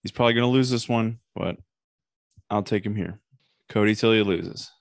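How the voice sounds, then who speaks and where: A young man with a lowish voice chats on a podcast, dropping quick wisecracks. The recording is close and dry. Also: vocal fry, no echo. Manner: wisecracking, brief interjections. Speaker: podcast co-host. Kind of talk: casual chat.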